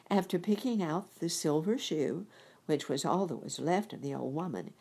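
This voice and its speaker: A woman reading a storybook aloud with slow, expressive narration. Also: low voice, husky. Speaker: audiobook reader.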